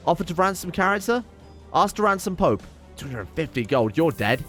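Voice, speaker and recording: A man's voice: medium pitch, lively intonation, moderate pace, fairly bright tone, faint music behind. A young man casually commenting on his strategy game, reading event text aloud, wry and swearing now and then. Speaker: game streamer. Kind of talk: casual let's play commentary.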